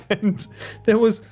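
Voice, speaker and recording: A man streaming live, chatting loosely with his viewers as he plays, full of jokes and casual swearing. His voice sits a bit high and swoops around with lots of animated rises and falls. Faint music plays underneath. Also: husky. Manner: jokey, animated, swears freely. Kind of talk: casual live-stream chat while gaming.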